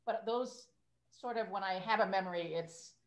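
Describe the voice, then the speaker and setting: A woman in her fifties, appearing as a podcast guest, reminisces in a casual, chatty, nostalgic way and says "like" constantly. Her voice is mid-range at a moderate pace, and the room sounds echoey.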